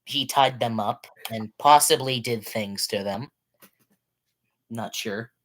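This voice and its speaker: A woman's voice: extremely low pitch, takes it slowly. A woman co-hosting a casual game review podcast, talking animatedly, swearing and acting out game characters. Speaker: podcast co-host.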